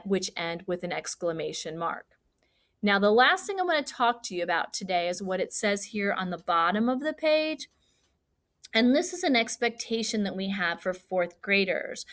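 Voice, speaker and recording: A woman's voice: medium pitch, a bit bright. Patient woman teaching fourth graders. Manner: patient, clear, acts out example sentences with feeling. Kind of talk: recorded remote lesson for children.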